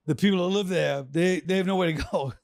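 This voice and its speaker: A man tells stories in a quick, casual rush and acts out quoted lines. His voice sits a bit high for a man. The sound is dry and close, with no room echo. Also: creaky, darkish tone. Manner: rambling storyteller, acts out quotes. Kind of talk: casual chat.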